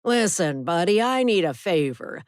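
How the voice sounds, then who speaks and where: A woman's voice: fairly low pitch, big pitch swings, unhurried, dry recording, studio quality. A woman voicing a crooked, scheming man who blusters and bullies in an audiobook. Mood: wheedling. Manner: brash, blustering. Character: crooked scheming man, land-grabbing neighbor.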